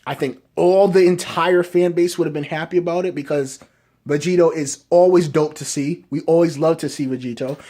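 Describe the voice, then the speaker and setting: A young man talks through a storyline in loose, rambling commentary, checking in with "right?" after almost every point. His voice sits high for a man and stays casual throughout. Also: fairly even intonation, moderate pace, dark tone. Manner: rambling, keeps asking "right?". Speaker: video reviewer.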